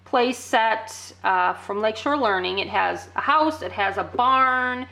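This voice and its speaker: A middle-aged woman demonstrates a toddler activity for parents, her fairly high voice expressive, a touch slow, creaky, and sharp. She often slips into exaggerated, sing-song talk aimed at a child.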